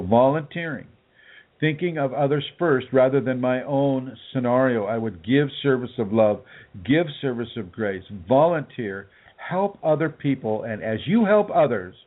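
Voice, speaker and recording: A man, a spiritual teacher, answering listener questions on a broadcast in a halting way with many fillers and restarts. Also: medium pitch. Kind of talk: casual radio broadcast talk. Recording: tinny phone line.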